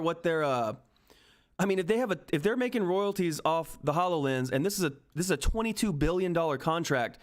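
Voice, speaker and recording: Young guy freaking out live over stock charts, high voice, keeps repeating himself. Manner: excited, frantic, repeats himself. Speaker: stock market streamer. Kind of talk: live stream commentary.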